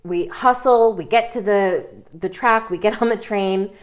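A woman's voice: mid-range voice, measured pace. A woman podcast co-host telling a story in a casual, comic way. She swears freely and laughs as she talks.

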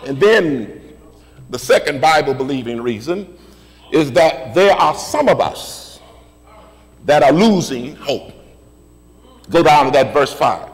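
A man preaching a sermon, repeating his phrases in a steady rhythm and building up to shouted refrains. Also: on the high side, slow, long pauses, in a large hall, poor audio. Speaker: pastor.

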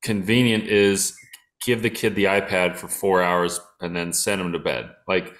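A man's voice: low-pitched, moderate pace, fairly bright tone. A man co-hosting a podcast in casual chat, listing examples and chiming in agreeably. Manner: conversational, lists examples, agreeable interjections. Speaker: podcast co-host.

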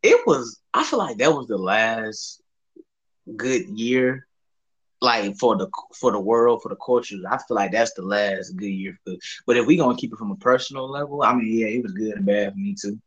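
A man's voice: on the low side, animated, moderate pace, breathy edge, muffled recording. A young man from the Southern US telling a rambling, profane story in a laid-back, casual chat. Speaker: podcast co-host.

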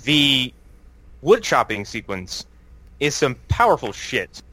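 Young guy podcast cohost, lively, acts out quotes, swears a lot, dry sound. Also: mid-range voice, slow, dry recording. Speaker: podcast co-host. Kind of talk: casual chat.

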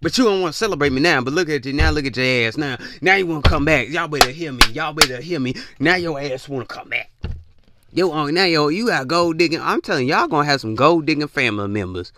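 A man's voice: on the high side, animated, quick pace, pushed and bright. A young man ranting in a blunt, profane, slangy monologue, repeating himself for emphasis. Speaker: podcast host. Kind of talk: casual monologue rant.

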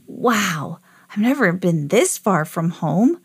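A woman voicing an eager, hungry young boy adventurer in a storybook, pleading and excited. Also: fairly low pitch, takes it slowly, slightly rough, no room sound, studio quality, full character voice.

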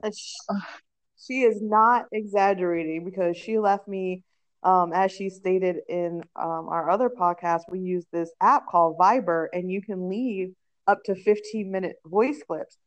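A young adult woman co-hosting a podcast in casual chat, giggling often as she talks. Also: lowish voice. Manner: giggly, slow, laughs often. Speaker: podcast co-host.

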